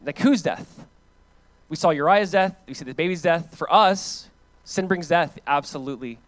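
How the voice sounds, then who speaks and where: At normal speed and with a somewhat high voice, an American man preaches as pastor. His delivery is chatty yet animated, swinging between booming emphatic lines and near-whispers while echoing key phrases.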